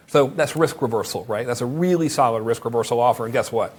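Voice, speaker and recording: A man teaching a marketing course, who acts out sample sales pitches in a lively way. His voice is strained from talking and he stops to drink water. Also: quick pace, hardly any pauses, husky. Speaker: marketing instructor.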